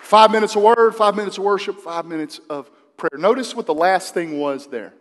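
A man's voice: sits high, moderate pace, a bit bright, some chatter behind. A man preaching a sermon to his congregation in a conversational way, asking the room questions. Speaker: pastor. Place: church sanctuary. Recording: long hall reverb.

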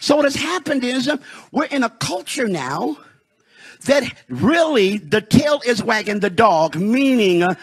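A pastor from Detroit preaching a sermon in a church, rising into shouted, sung peaks and slowing for emphasis. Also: male voice, extremely high pitch, sing-song, breathy edge. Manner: preaching with shouted, sung rises and dramatic slowdowns. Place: church sanctuary.

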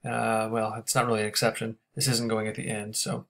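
A man teaching a grammar lesson, explaining step by step and checking in with quick questions. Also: on the low side, flat delivery, vocal fry, fairly bright tone.

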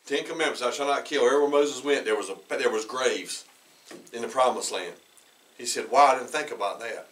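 In a church sanctuary, a pastor delivers a sermon built around a personal story, told loosely and conversationally with frequent restarts and throat-clearing. His medium-pitched voice is bright, brisk, and projecting, though it's picked up from a distance, away from the mic.

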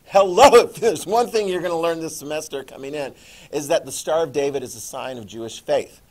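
A man teaching a class, lecturing in a lively way and checking in with the students with frequent "okay?"s and questions. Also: fairly high pitch, brisk.

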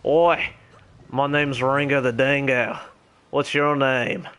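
A man putting on a deliberately bad Australian accent to play a loud, friendly character calling out to other players. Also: medium pitch, little pitch movement. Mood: hailing. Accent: put-on Australian. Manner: boisterous, calls out to strangers.

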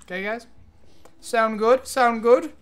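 A man's voice: very high-pitched, slow, clear, resonant tone. A young man streaming games, chatting casually with his viewers in a rambling, profane, joking way. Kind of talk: casual livestream chat while gaming.

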